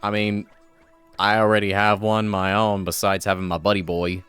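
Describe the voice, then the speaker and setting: Male gamer, casual let's-play commentary, low-key, dry humor. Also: flat delivery, moderate pace, a bit bright, clean tone, soft background music. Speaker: gamer playing through a story game. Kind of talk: casual gameplay commentary and reading dialogue.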